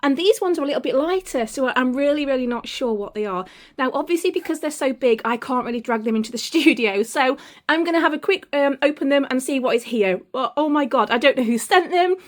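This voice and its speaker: A woman chatting casually in a home and garden vlog, excitable and gushing, laughing often and swearing freely. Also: high voice, a little fast, few pauses.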